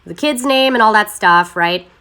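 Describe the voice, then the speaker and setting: A woman hosting a casual live stream on her phone, talking in an animated, sarcastic way and mimicking other people's voices. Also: medium pitch, moderate pace. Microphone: phone camera.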